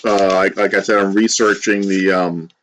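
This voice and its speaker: A man with a fairly low voice chats through a tabletop game. He breaks off and restarts his sentences as he works out his moves. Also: flat delivery, fairly bright tone, a little hiss or hum, low-quality recording. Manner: halting, restarts mid-sentence. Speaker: player. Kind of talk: casual tabletop game play.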